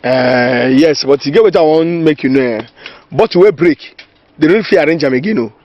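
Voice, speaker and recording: An actor with a Nigerian accent playing a complaining village vigilante in a comedy film. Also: male voice, on the high side, moderate pace, highs cut off, slight background noise, natural voice. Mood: worried. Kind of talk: Nollywood comedy film acting.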